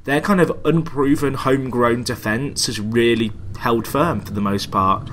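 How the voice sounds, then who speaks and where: Male co-host, bright clear tone, measured analytical football chat. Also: medium pitch, slight background noise. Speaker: podcast co-host.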